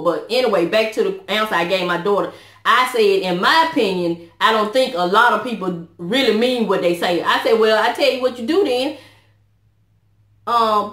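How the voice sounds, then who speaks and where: A middle-aged woman sharing a personal testimony on her vlog, talking in an earnest, preachy way about prayer and helping others. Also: a little high. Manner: earnest, preachy, Southern US dialect features. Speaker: vlogger. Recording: echoey room.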